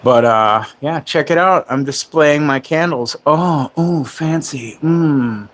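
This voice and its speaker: A man's voice: a little high, slow pace, fairly bright tone. A man in his forties hosting a casual livestream chat from home, joking and sarcastic, laughing often. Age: 40s. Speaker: livestream host. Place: home, in Florida.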